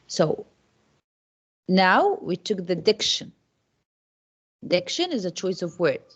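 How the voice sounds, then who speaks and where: A woman's voice: fairly low pitch, big pitch swings, slow pace, husky, dull audio. A woman English teacher teaches an online class, repeating questions to her students with many fillers and restarts.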